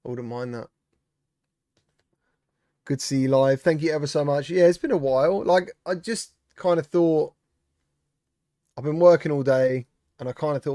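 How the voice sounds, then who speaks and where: A man's voice: on the high side, normal speed, long pauses, warm tone, no echo, clean studio sound. A man hosting a casual live-stream chat, greeting viewers by name and answering their comments. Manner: chatty, reads out viewer comments and greets them. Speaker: streamer host.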